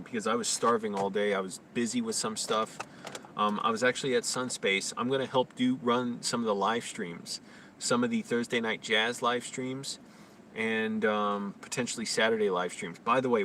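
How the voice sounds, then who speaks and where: A man's voice: lowish voice, fairly bright tone. A man chatting loosely on a live stream, rambling with lots of fillers. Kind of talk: casual live-stream chat. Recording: slightly distant mic, faint noise.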